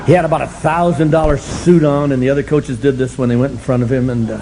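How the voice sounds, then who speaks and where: A man's voice: medium pitch, fast, crowd noise, background noise. Older man telling a rowdy recovery story. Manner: animated, self-mocking, bursts into shouts for emphasis. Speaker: recovery meeting speaker.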